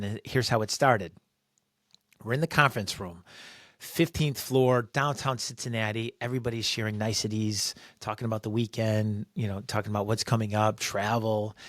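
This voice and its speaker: A man sharing a workplace story as a podcast guest, animated and acting out quoted voices. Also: mid-range voice, dry recording, clean studio sound. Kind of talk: personal storytelling.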